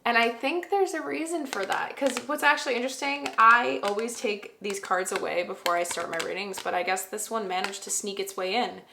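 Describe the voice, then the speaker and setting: A woman's voice: medium pitch, a little fast, gravelly, few pauses, background noise. Chatty woman reading tarot, echoey room. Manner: chatty, thinks aloud, gushing bursts. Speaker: tarot reader. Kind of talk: casual tarot reading to camera. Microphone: camera mic.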